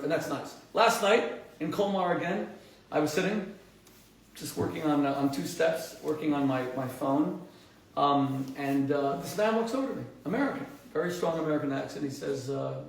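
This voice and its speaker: A rabbi hosting his own show delivers an impassioned storytelling monologue in a fairly high male voice, animated and emphatic, with frequent stumbles and restarts. His pitch leaps sharply whenever he stresses a point. He sits far from the microphone in a very reverberant room, with faint noise beneath.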